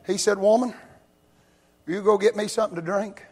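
A man preaching a sermon, telling Bible stories in a folksy way and rising to loud, shouted peaks. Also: sits high, fairly even intonation, brisk, husky. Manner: builds from quiet storytelling to loud shouting.

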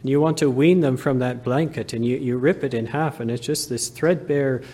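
A man preaching a sermon in a slow, earnest manner, building to fervent emphasis. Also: medium pitch, dark tone, slightly rough.

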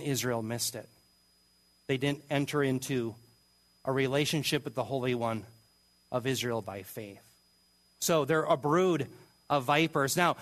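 A man's voice: fairly high pitch, a bit bright. A man teaching verse by verse through a Bible passage, speaking emphatically and posing rhetorical questions to his listeners.

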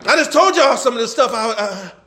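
A male pastor preaching a sermon, swinging from loud shouting to quiet asides, with colloquial talk and lots of repeated words. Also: extremely high pitch, expressive, fairly quick.

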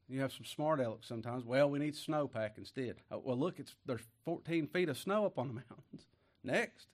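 A man preaching a sermon, folksy and emphatic, rising to loud declamation when he reads scripture. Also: mid-range voice, lively intonation, moderate pace.

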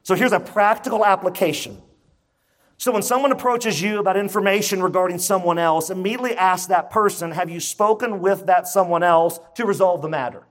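Pastor, male, higher-pitched voice, emphatic conversational sermon, peppered with questions to the congregation. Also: brisk.

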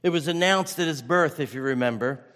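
A man's voice: on the high side, brisk, a bit bright, in a large hall. A man preaching a sermon as pastor, earnest and urgent, often restarting his phrases.

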